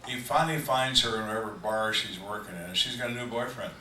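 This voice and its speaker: An older man who was a homicide detective tells dry, deadpan stories with slow, emphatic pauses at a live fan Q&A. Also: lowish voice, slight background noise. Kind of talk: live storytelling Q&A. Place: event room on a cruise ship, live audience. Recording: echoey room, distant mic, faint ambience.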